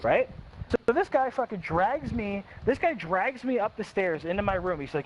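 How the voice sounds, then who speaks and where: Young male storyteller, high lively voice, blunt and profane, dull lo-fi mic with faint hiss. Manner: blunt, heavy swearing, quick quoted voices, restarts. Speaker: streamer telling a personal story. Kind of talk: casual storytelling.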